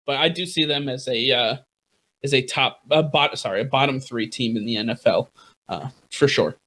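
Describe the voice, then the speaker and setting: A man's voice: medium pitch, normal speed, fairly bright tone. A man co-hosting a sports podcast, chatting casually about football teams with lots of fillers, restarts and the odd laugh. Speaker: podcast co-host.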